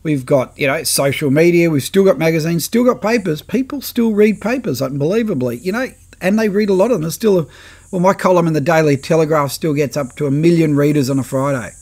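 A middle-aged man with an Australian accent, hosting a casual podcast monologue in a chatty, animated way and slipping into quick impressions of people he has met. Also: on the high side, husky. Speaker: podcast host, fishing photographer.

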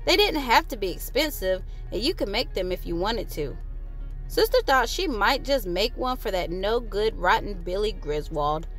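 A woman reading a children's picture book aloud, with expressive delivery and lively character voices. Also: medium pitch, moderate pace, soft background music. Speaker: storyteller.

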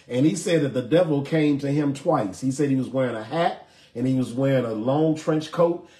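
A man's voice: medium pitch, dark tone. A man preaching a sermon, reading scripture aloud and checking in with his listeners in a conversational way. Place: church in Chicago. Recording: echoey room.

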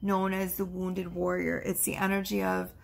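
A woman's voice: fairly low pitch, monotone, normal speed, gravelly, slight background noise. A woman giving a casual tarot card reading, chatty and reassuring, with frequent exclamations. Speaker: tarot reader.

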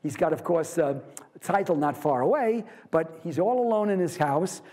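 A man giving a university literature lecture, lively and posing rhetorical questions to his class. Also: a little high, moderate pace.

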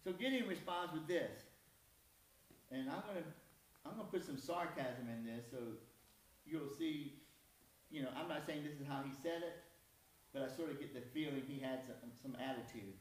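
A man's voice: fairly high pitch, moderate pace, pauses often. A man preaching a conversational sermon in a church, folksy and self-deprecating. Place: church sanctuary. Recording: echoey church hall from far off.

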